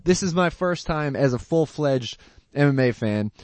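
Animated rambling man on a podcast. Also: a little high, moderate pace, no room sound. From Boston area. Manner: animated, rambling, laughs often. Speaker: podcast co-host. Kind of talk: casual podcast chat.

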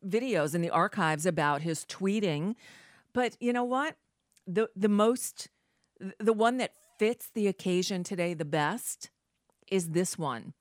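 A woman's voice: lowish voice, dry recording, clean studio sound. A woman hosting casual political commentary, sarcastic and rambling with many fillers.

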